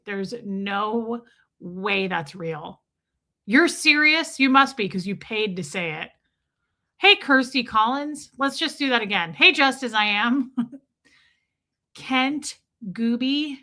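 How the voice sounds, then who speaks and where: A woman's voice: on the high side, expressive, unhurried, sharp tone. A woman hosting a casual livestream, chatting playfully and reading viewers' names aloud. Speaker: livestream host. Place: countryside home.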